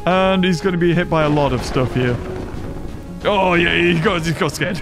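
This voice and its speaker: A man hosting a game playthrough, excitable and chatty, cheering on his game characters and laughing as he plays. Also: on the high side, normal speed, music in the background. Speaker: gaming channel host. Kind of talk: let's play commentary.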